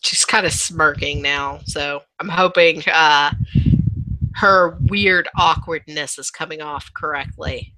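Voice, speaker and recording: A woman's voice: deep voice, steady tone, slow, sharp tone, low-quality recording. A woman narrating a tabletop role-play as game master, loose and hedging with filler words.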